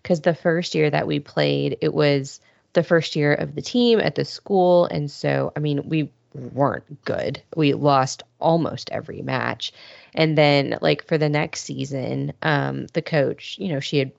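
A woman's voice: low voice, unhurried, gravelly, no room sound, lo-fi sound. A woman co-hosting a podcast in casual chat, telling stories in a rambling way full of fillers. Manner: rambling, filler-heavy storytelling. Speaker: podcast co-host.

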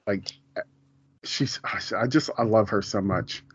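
A man's voice: fairly low pitch, slow pace, slightly rough. A man co-hosting a casual podcast chat about a TV show. He rambles, restarts often and laughs a lot. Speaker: podcast co-host. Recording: dull, lo-fi home podcast audio.

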